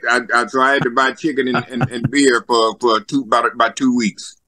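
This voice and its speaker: A man's voice: medium pitch, level tone, a little fast, pushed and bright, no room sound. An older man co-hosting a podcast, telling old stories in a rambling, repetitive way. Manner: rambling, repeats words, chuckles through stories. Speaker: co-host. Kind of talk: casual storytelling chat.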